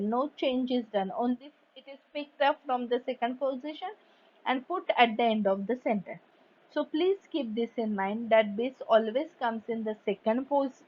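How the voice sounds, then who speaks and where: Woman teacher, higher voice, walking students through grammar rules, muffled lo-fi audio. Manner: reads German examples, then explains slowly in English. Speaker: German teacher. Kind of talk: grammar lesson explanation. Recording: dull lo-fi recording.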